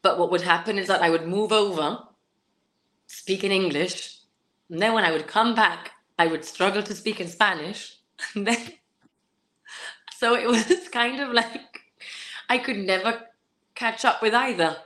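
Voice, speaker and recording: A woman's voice: medium pitch, a little slow, long pauses, a bit bright. A woman in her twenties with a Gibraltarian accent, chatting as an interview guest and laughing as she tells stories. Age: 20s. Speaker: pageant contestant, guest. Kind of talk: casual interview chat.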